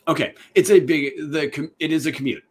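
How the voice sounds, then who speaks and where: A man's voice: fairly high pitch, steady tone, fairly quick, breathy edge. A man co-hosting a podcast, asking long, winding questions and correcting himself as he goes. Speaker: podcast co-host. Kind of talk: podcast interview.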